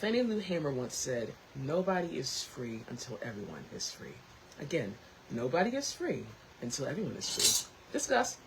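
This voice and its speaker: A woman hosting her own tea talk show, chatting casually to camera, lively and quick to laugh. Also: sits low, background noise.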